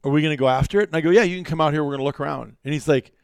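A man's voice: on the high side, very fast, vocal fry, clean tone, no echo, studio quality. A man co-hosting a casual hunting podcast, telling stories and acting out what people said. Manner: animated storyteller acting out quotes. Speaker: podcast co-host.

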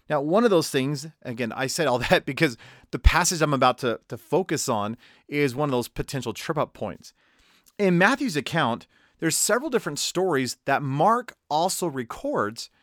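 Male pastor, sermon delivery, slightly high voice, dry close sound, animated pacing. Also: no echo. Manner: animated, shifting pace and loudness, laughs lightly between points.

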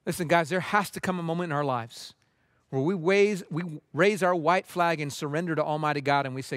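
An impassioned sermon comes from a pastor whose voice sits fairly high, alternating between intense, urgent pleas and hushed, soft ones. His delivery is brisk, and the recording is dry and close, with no surrounding room.

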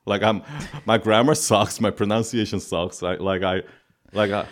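A man with a somewhat low, calm voice talks on a podcast in a loose, rambling way. His speech is full of filler words, and listeners find the sound of him soothing. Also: normal speed. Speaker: podcast co-host. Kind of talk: casual chat.

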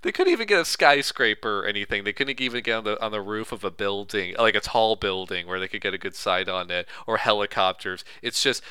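A man co-hosting a casual movie-review chat, retelling scenes with sarcastic, animated restarts. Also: on the low side, fairly quick, few pauses, clear, resonant tone, dry recording. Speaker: podcast co-host.

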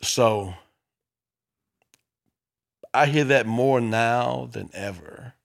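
A man who is a stand-up comedian, telling stories in casual chat, animated and profane, acting out the people in his stories. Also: mid-range voice, extremely slow, creaky.

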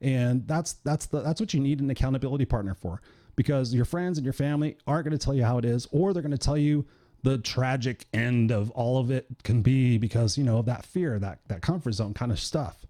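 A middle-aged man delivers a motivational talk as a coach and podcast host, blunt and direct with plenty of swearing. His voice sits at an ordinary pitch with a mellow, relaxed tone. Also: a little fast. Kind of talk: motivational monologue.

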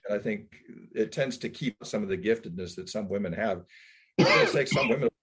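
A man's voice: lowish voice, fairly quick, breathy edge. A man interviewing a pastor, musing and thinking aloud about church and culture. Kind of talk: reflective interview talk.

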